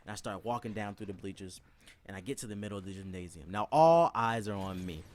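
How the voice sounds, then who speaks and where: A man's voice: lowish voice, fast talker, darkish tone. A young man telling a comedic, profane story from his school days, laughing often and acting out other people's voices.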